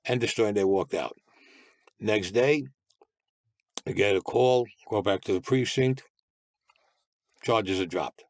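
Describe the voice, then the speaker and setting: A man's voice: lowish voice, a little slow, long pauses, no room sound. An older man, a guest telling blunt, streetwise stories full of profanity. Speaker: interview guest. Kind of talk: casual storytelling.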